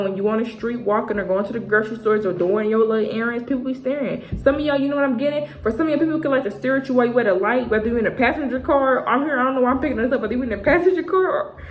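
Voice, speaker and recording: Young woman giving a slangy tarot reading. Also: fairly high pitch. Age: 20s. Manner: slangy, chatty, acts out what people say. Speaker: tarot reader. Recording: echoey room with faint noise.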